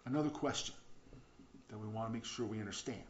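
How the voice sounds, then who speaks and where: A man preaching a sermon in an earnest way, often repeating words and restarting, swinging between loud and hushed. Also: on the low side, fast talker, a little hiss or hum. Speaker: pastor. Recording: roomy, slightly dull sound.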